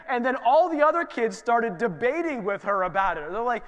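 High-voiced pastor preaching in a reverberant hall. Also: male voice, moderate pace, hardly any pauses. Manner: animated storytelling, acts out his kids' voices. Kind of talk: sermon. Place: church sanctuary.

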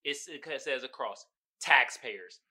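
A man hosting his own podcast, talking casually and profanely, often breaking into loud laughing outbursts. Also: medium pitch, slow pace, slightly rough. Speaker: podcast host. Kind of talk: casual solo podcast talk.

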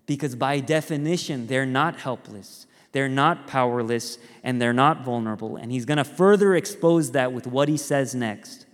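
A pastor giving a conversational sermon, telling stories with animated rises and quiet, earnest drops. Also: male voice, medium pitch, moderate pace, hardly any pauses. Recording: reverberant hall.

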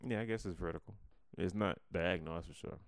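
A man with a fairly low voice chats casually as a podcast co-host, deadpan and unhurried. He has a slight stutter and restarts his phrases. The sound is dry and close-miked. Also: vocal fry, no echo. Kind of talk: casual chat.

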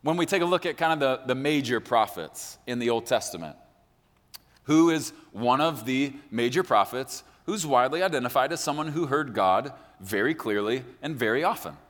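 A male pastor delivering a sermon with a lively, swinging pitch and a mid-range voice. He talks directly to the congregation and keeps calling on them to listen. His words ring out with a long hall reverb. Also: normal speed. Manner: animated, addresses the congregation directly.

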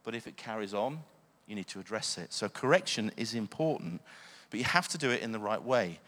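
A man's voice: fairly low pitch, animated, fairly quick, a bit bright. A man preaching a sermon, earnest, often asking the listeners questions. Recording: long hall reverb.

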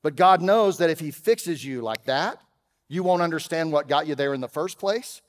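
A man preaching a sermon as pastor, conversational, with humorous asides, swinging from loud emphasis to quiet. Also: on the high side, animated, moderate pace, long reverb tail. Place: church auditorium.

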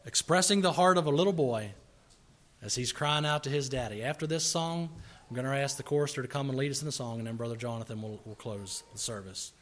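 A man preaching a sermon in a church service, earnestly pleading with and exhorting his congregation, rising to forceful emphasis. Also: mid-range voice, a little fast.

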